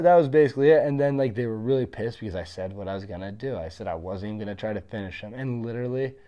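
In an interview, a man in his early thirties who used to fight recounts his story with blunt, boastful confidence. His voice sits on the low side and sounds mellow.

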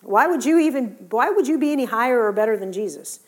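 With a fairly high voice and a fast delivery, a woman preaches, animatedly telling Bible stories and imitating the voices of their figures.

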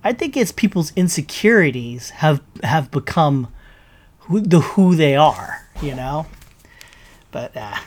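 A man's voice: a little high, very animated, slow. A man hosting his own show, delivering a heated, profane, sarcastic solo rant to his listeners. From United States. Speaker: podcast host.

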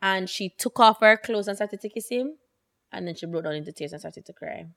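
A woman's voice: mid-range voice, a little fast, vocal fry, a bit bright. A woman, co-hosting a casual chat podcast and making blunt, wry remarks. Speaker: podcast co-host.

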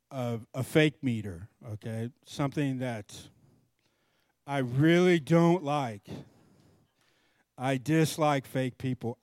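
A middle-aged man preaching, telling a story in an animated way and acting out both sides of a conversation. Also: fairly high pitch, no echo, studio quality. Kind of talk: storytelling sermon.

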